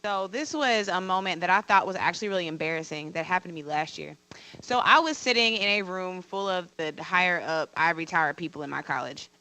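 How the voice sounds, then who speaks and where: A woman's voice: on the low side, fairly quick, sharp tone, no echo, rough recording. A woman who teaches veterinary students, telling a personal story to an audience in a candid, self-deprecating way with emphatic repetition. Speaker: veterinarian and college teacher on a panel.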